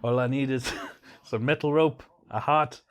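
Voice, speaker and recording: A man's voice: medium pitch, fairly even intonation, measured pace, a bit bright. A young man hosting a casual film commentary, joking and giggling with his guest. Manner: jokey, giggly banter.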